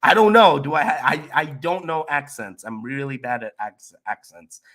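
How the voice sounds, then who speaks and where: A young man, sick and a bit nasal with a slight cough, hosts a casual crypto livestream, reading comments and chatting loosely with viewers. His medium-pitched voice moves at a moderate pace, and he sounds loopy and relaxed, rambling and restarting his sentences.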